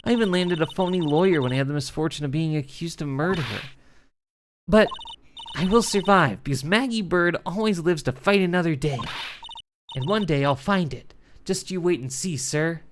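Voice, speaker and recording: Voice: mid-range voice, normal speed, slight background noise, lightly acted. A streamer voicing an eager, polite young policewoman with a run of bad luck, who keeps saying "sir", while reading game dialogue aloud on a live stream. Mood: determined. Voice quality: chirpy, saying "sir" a lot. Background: game music.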